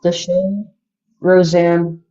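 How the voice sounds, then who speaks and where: A woman calling in to a live show, speaking slowly and hesitantly. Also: on the low side, level tone, mellow, lo-fi sound. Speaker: caller.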